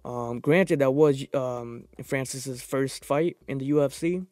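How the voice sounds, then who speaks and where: A young man hosting a podcast, reviewing fights in a profane, rambling, excitable casual monologue. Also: mid-range voice, measured pace, dry recording. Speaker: podcast host.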